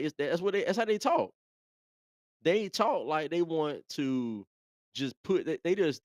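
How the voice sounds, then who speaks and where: A man's voice: mid-range voice, no echo, clean studio sound. A man hosting a live show, talking in a laid-back, chatty way and often repeating himself. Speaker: host. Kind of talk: casual live commentary.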